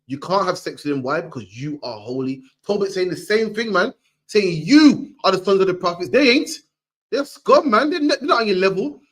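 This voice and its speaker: A man giving an emphatic preaching lecture, ending his lines with "man". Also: sits high. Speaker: street preacher.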